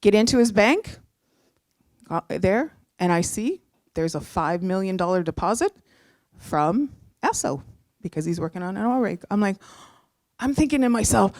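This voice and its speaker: A middle-aged woman recounts a personal story in an animated, chatty way, full of little fillers and restarts. Her voice sits at an ordinary middle pitch, and the sound is dry and close with no room echo. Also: moderate pace, pauses often. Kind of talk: personal storytelling on a live show.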